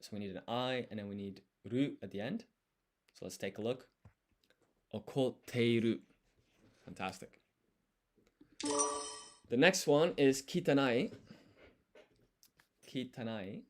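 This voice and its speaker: A man's voice: mid-range voice, animated, measured pace, long pauses. A man studying on a livestream, thinking aloud and explaining each step as he writes. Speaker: language learner.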